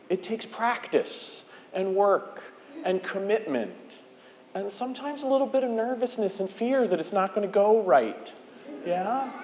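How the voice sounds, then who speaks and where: Lively-voiced man leading children's time. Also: high-pitched, slight background noise. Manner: playful, asks questions, sings along. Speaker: director of lifelong faith formation. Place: large church sanctuary. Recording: echoey hall, organ music behind.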